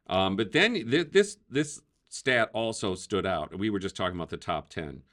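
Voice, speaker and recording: A man's voice: deep voice, expressive, normal speed, fairly bright tone. A man hosting a casual political talk show, chatty, laughing often and using many fillers. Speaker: podcast host.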